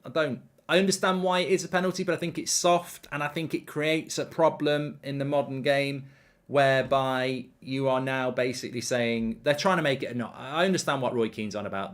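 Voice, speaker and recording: A man's voice: medium pitch, a bit bright. A man hosting a live football watchalong, chatty and rambling with lots of ums. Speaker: host.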